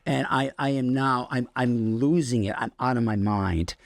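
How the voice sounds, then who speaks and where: Podcast guest, male, gravelly voice, halting storyteller, dry close mic. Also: medium pitch, no echo. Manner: rambling, halting storytelling with many restarts. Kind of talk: telling his recovery story on a podcast.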